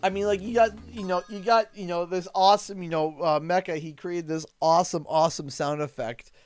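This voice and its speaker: A Canadian man live-streaming a game, excitable and thanking viewers over and over. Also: high-pitched, fairly quick, clear, resonant tone, soft background music. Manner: excitable, thanks donors warmly and often. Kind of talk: live gameplay stream chat.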